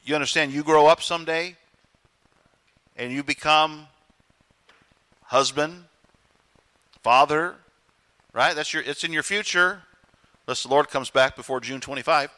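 A middle-aged man preaches with emphasis, his voice bright and somewhat high for a man. He drives points home and slips briefly into quoted voices. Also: unhurried, pauses often. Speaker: pastor. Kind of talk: sermon.

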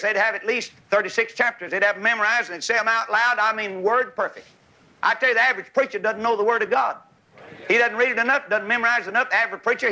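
A man preaching a fiery revival sermon under a big tent, exhorting and swinging from soft to shouting. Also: high-pitched, rough recording.

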